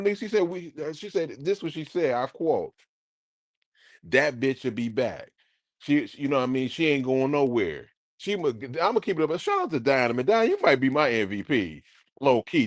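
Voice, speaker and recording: A man streaming, ranting casually to his live chat in an animated, profane way. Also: mid-range voice, dry recording, studio quality.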